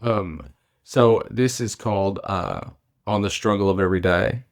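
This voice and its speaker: Low, gravelly-voiced man from Arkansas. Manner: relaxed, halting, with many ums and uhs. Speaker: author, guest. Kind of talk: conversational chat, then reading his own essay aloud.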